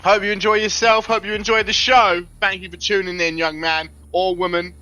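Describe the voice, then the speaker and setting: High-voiced young male stream commentator. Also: flat delivery, a little fast, sharp tone, dry recording, poor audio. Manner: chatty, greets viewers mid-commentary. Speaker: streamer and wrestling game commentator. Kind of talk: live play-by-play commentary. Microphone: laptop mic. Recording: music playing behind. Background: music.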